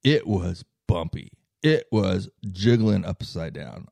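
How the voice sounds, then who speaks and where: A man's voice: deep voice, lively intonation, takes it slowly, creaky, a little mellow, no room sound. A man telling a long personal travel story in casual chat, rambling with many fillers and tag questions. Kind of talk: casual anecdote.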